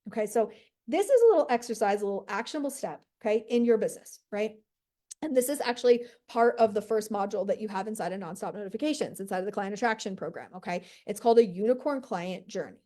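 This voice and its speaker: A woman business coach in a brash, profane, high-energy motivational monologue, full of "like" and "right?". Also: animated, quick pace, warm tone.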